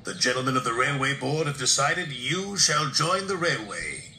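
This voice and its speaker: A man's voice: medium pitch, expressive, moderate pace, noisy background, lightly acted. A man voicing a dignified railway controller who speaks proudly and with authority, in a storybook reading. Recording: roomy room with background music.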